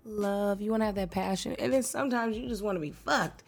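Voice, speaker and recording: A woman in her thirties, a podcast co-host, telling stories in a blunt, profane, animated way. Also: medium pitch, brisk, gravelly, faint music behind. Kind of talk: casual chat.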